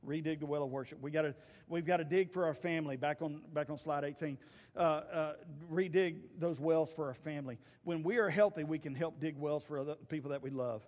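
A man preaches from the pulpit, slipping into voices and loud outbursts as he tells a story. His voice sits a little high for a man, and it rings through a large church with a long reverb trailing every line. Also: fairly quick. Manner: storytelling preacher acting out voices, shouting at peaks. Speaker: pastor. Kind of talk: sermon. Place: church sanctuary.

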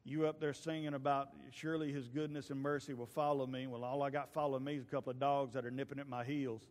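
A man's voice: medium pitch, level tone, fast talker, few pauses. Preaching man in a reverberant church. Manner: storytelling preacher acting out voices, shouting at peaks. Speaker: pastor. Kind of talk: sermon. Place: church sanctuary.

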